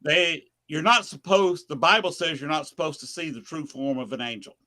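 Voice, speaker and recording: A man's voice: a little high, pushed and bright. A man hosting a podcast, chatting casually and stumbling over his words as he starts. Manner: halting, repeats words as he starts. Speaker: podcast host. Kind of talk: casual chat.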